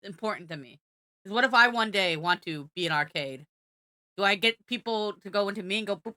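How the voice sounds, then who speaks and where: Young woman streamer being silly and singsongy to chat, really bright voice, dry close sound, quiet music underneath. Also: medium pitch, a little fast, no room sound. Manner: playful, silly, sing-song repetition; chats directly to viewers in chat. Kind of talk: casual live-stream chat. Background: faint background music.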